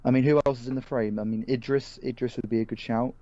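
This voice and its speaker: A man's voice: mid-range voice, fairly even intonation, quick pace, warm tone. A man co-hosting a casual podcast chat, rambling and hesitant with many fillers. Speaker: podcast co-host. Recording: dry, dull lo-fi sound.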